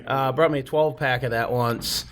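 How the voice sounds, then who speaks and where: A man's voice: mid-range voice, fairly even intonation, moderate pace, crowd noise. A man co-hosting a casual podcast, teasing the others and laughing easily. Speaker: podcast co-host. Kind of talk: casual chat.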